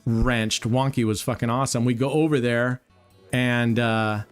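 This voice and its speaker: A man hosting a live stream in a plain, mid-pitched voice, talking casually and cursing freely. He rambles, restarting sentences and filling pauses with ums. Faint music plays behind him. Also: fairly even intonation, clear, resonant tone. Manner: blunt, heavily profane storytelling; rambling, with many fillers and restarts. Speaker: roulette livestream host.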